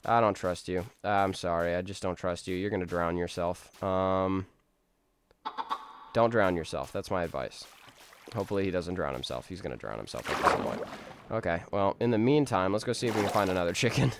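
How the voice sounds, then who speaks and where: A man's voice: deep voice, expressive, brisk, a little hiss or hum. A man giving casual, rambling gameplay commentary, talking to himself with jokey outbursts. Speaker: gaming streamer.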